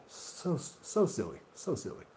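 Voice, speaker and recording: A man hosting a gaming video who rants heatedly and profanely, swinging between loud outbursts and muttered asides. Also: mid-range voice, huge pitch swings, measured pace, slightly rough. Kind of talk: solo rant monologue.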